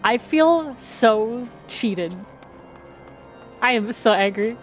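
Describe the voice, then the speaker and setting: A woman's voice: fairly high pitch, expressive, extremely slow, soft background music. Playful, swearing woman streamer. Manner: playful, swears freely, self-mocking. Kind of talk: casual gameplay commentary.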